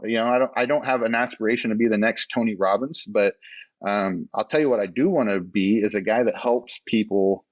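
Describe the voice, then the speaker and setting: A man's voice: fairly low pitch, dry recording. A man, a podcast guest and business owner, telling a rambling, self-deprecating story full of fillers in a casual interview. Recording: slightly dull lo-fi sound.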